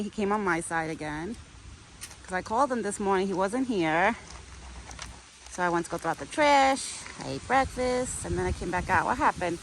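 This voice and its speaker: A woman chatting casually to camera outdoors while feeding a pet deer, cooing to it in soft baby talk. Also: medium pitch, lively intonation, normal speed. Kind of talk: casual outdoor vlog chat. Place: outdoors in a windy yard. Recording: faint wind and outdoor noise.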